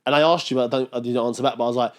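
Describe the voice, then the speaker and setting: A man's voice: mid-range voice, fairly even intonation, racing. A man, a podcast co-host arguing his point in casual discussion, insistent and repeating words.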